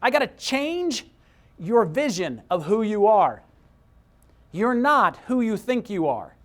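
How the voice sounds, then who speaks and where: A middle-aged man whose voice sits high gives an energetic motivational speech. While telling his story he imitates the people in it, his volume ranging from hushed to shouting.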